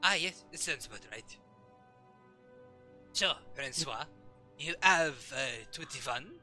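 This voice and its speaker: A man voicing a calm, courteous masked traveler who invites others to play cards. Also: sits high, soft background music, heavily acted. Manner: polite, measured.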